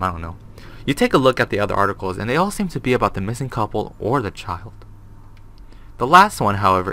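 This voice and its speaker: With a sharp tone and a voice on the low side, this young man does horror game commentary for a gaming video. He reads the game's text out loud and swears nervously at what happens.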